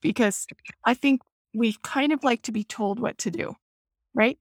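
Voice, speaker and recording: A woman's voice: fairly high pitch, a little slow, no room sound, studio quality. A woman hosting a faith-based discussion among mothers over a video call, speaking in an affirming, heartfelt way. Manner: warm-hearted, affirming, emotional at times. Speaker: host.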